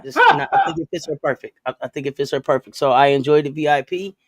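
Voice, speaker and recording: Animated high-voiced man hosting sports chat. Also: fast talker, vocal fry, dry recording. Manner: playful, repeats himself, laughs often. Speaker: podcast host.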